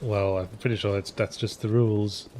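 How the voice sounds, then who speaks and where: A man's voice: on the low side, fairly even intonation, moderate pace, dark tone. Dry, teasing man. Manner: dry teasing, guides the other player. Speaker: let's play co-host. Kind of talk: casual gameplay commentary.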